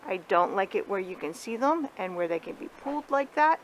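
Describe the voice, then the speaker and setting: A woman's voice: medium pitch, expressive, brisk, slight background noise, poor audio. A middle-aged woman chatting candidly to viewers about her crochet project in a casual home video. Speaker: crochet vlogger. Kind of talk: casual chat.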